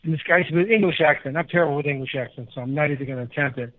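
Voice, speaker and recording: A man's voice: a little high, very fast. Older man telling stories over a tinny line. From Chicago. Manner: animated, rambling anecdotes with many restarts. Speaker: guest musician. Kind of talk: casual interview storytelling.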